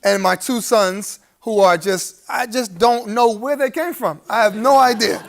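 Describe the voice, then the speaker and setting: Very high-voiced man, preacherly and joking. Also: unhurried, gravelly. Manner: preacherly, humorous, chuckling asides; emphatic rising appeals to the audience. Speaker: keynote speaker. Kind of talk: live keynote speech at a gala dinner.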